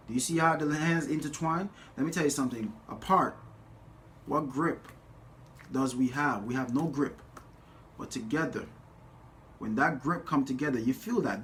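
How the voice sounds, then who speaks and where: A man delivers an impassioned motivational speech in a forceful, bright voice that sits fairly high. He preaches, climbs to loud emphatic peaks and slows words down to drive a point home. A faint hiss sits under the recording. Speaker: motivational speaker.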